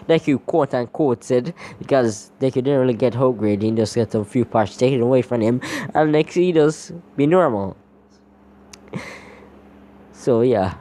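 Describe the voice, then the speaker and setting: Male storyteller, casual and rambling, dark mellow voice. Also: medium pitch, a little slow, long pauses, slight background noise. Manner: rambling, leans heavily on "basically". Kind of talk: casual fan-story narration.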